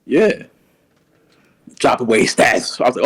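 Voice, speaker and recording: A man co-hosting a podcast in casual wrestling chat. He has a slight lisp and rambles excitedly, repeating words when worked up. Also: medium pitch, brisk, poor audio. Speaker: podcast co-host.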